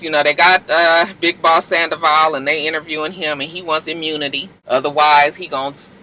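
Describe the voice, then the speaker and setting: A man casually recapping a TV episode, animated and slangy, acting out the characters' lines. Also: on the high side, a little hiss or hum, poor audio. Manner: slangy, profane. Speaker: TV recap vlogger.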